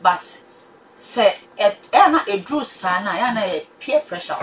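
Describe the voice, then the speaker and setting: A woman's voice: mid-range voice, expressive, unhurried, rough recording. A woman with a Ghanaian accent giving her opinion in a casual chat, lecturing in a mix of pidgin-tinged English and Twi.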